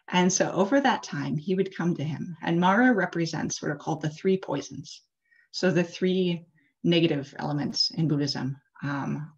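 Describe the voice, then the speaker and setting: A woman with a low voice tells a sacred story as an interfaith leader, in a loose, chatty way full of little fillers. The audio comes through a video call and sounds dull and lo-fi. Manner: casual, chatty, many "like" and "uh" fillers. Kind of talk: storytelling sermon.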